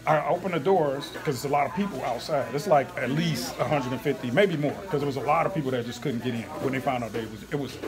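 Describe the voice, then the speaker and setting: A man, a comedian, telling an animated story in an interview after a show, acting out voices and laughing often. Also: mid-range voice, fast talker, hardly any pauses, over music. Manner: lively, acts out quoted voices, laughs often. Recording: busy crowd noise behind.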